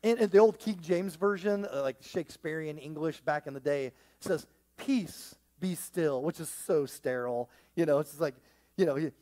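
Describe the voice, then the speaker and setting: A man with a notably high-pitched voice preaches a lively sermon to a church congregation. He jokes and riffs, dropping to a near-hush one moment and pushing loud the next. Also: a little fast. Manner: animated, joking, swings between hushed and loud. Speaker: pastor.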